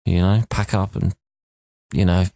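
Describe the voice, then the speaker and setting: Deep-voiced man telling a story. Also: level tone, measured pace, mellow, dry recording, studio quality. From England. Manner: chatty, rambling storyteller who laughs along. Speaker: podcast co-host and impressionist. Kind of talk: casual chat, telling an anecdote.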